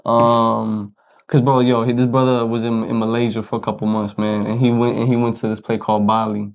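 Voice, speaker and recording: A man's voice: medium pitch, level tone, brisk, lo-fi sound. A man from the United States, co-hosting a podcast, telling a rambling story in casual slang and asking "you know what I'm saying" again and again. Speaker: podcast co-host.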